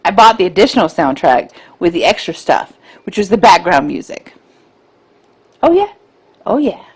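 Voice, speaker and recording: A woman in her thirties co-hosting a podcast, chatting casually and gushing with excitement about films she loves. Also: on the low side, normal speed, husky. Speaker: podcast co-host. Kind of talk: casual chat.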